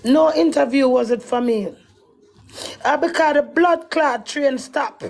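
A Jamaican woman guest who is tearful and distraught. Her voice sits high with a gravelly edge. She rants in agitated patois and swears heavily. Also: measured pace, darkish tone. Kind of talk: emotional interview talk.

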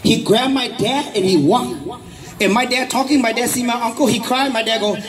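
A man's voice: very high voice, normal speed. A man doing a stand-up comedy set at a festival, speaking playful broken English mixed with Hmong and acting out family scenes. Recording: live crowd noise at an event. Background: crowd.

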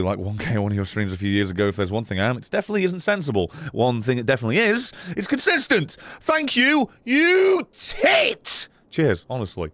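A man, streaming a video game live, excitable and swearing, yelling at the game. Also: fairly low pitch, dry recording. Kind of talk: live gameplay streaming chat.

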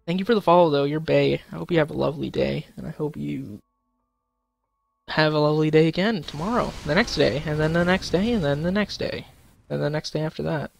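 A man's voice: a little high, fairly quick, gravelly, faint music behind. A young man in casual live-stream commentary, goofy and crude, talking to himself and his chat with sudden silly outbursts. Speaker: gaming streamer.

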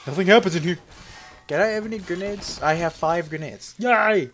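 Unhurried and prone to long pauses, a young let's-play gamer narrates his session with crude, joking commentary. Laughter comes often, and when he's startled he yelps in high squeaks.

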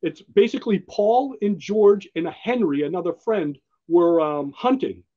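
A man's voice: sits high, unhurried, dark tone, muffled recording. A man co-hosting a podcast, enthusiastically walking through a comic book in rambling, casual chat with frequent laughs. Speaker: podcast co-host presenting a comic.

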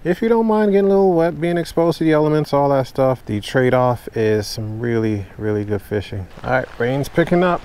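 A man filming his own fishing trip from a kayak in pouring rain, chatting casually to viewers and getting excited whenever a fish bites. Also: mid-range voice, fairly quick, hardly any pauses. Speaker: fishing vlogger. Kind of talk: casual on-the-water commentary. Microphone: camera mounted on the kayak.

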